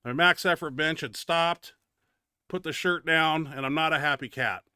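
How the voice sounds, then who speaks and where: Man, show host, casual gym commentary, blunt, profane, fairly high voice, crisp, dry close sound. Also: moderate pace, pushed and bright, no room sound. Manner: blunt and profane, grumbling about his own setback. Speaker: host of a bench press training show. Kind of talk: casual commentary over gym training footage.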